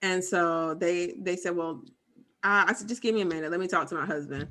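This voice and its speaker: Woman, 30s, podcast co-host. Bright, animated storyteller who acts out the quotes. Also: lowish voice, brisk. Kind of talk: casual chat, personal story.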